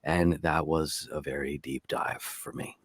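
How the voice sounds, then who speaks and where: A man, an audiobook narrator, chatting as a guest in a casual interview with an expressive, storyteller delivery. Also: rumbling low, unhurried, dry recording, studio quality.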